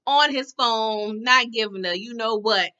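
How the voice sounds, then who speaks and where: A woman's voice: fairly high pitch, unhurried, pushed and bright, clear, resonant tone. A woman recapping a TV episode in casual chat, with sassy slangy asides and lots of "you know" and "okay?" tags. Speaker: TV recap reviewer. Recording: dull lo-fi sound.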